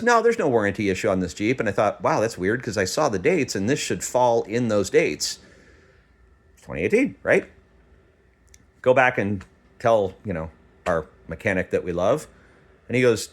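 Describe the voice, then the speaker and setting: Middle-aged guy venting on his vlog, animated, exasperated, mid pitch. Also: measured pace. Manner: animated, exasperated retelling with quoted dialogue. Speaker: vlogger. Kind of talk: casual storytelling vlog.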